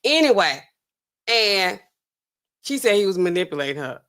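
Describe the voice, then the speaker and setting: A woman pharmacist hosting a casual reaction commentary, talking in a sassy, colloquial, animated way. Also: moderate pace. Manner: animated, sassy, colloquial, swings pitch for emphasis. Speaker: pharmacist host.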